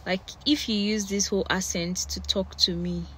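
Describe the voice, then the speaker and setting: Outdoors in the cold, a young vlogger with a Nigerian accent chats casually to her phone camera, with plenty of fillers and laughter. Her mid-range voice is steady, a bit bright and moderately paced, with slight background noise.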